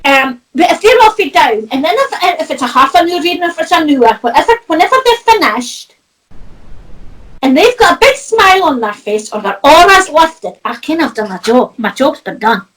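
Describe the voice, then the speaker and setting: Doric scottish lady chattin away, laughs a lot n swears, voice way up high. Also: very animated, moderate pace, a bit bright, low-quality recording. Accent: north-east Scottish (Doric). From north-east Scotland. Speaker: psychic medium. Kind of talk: casual chat.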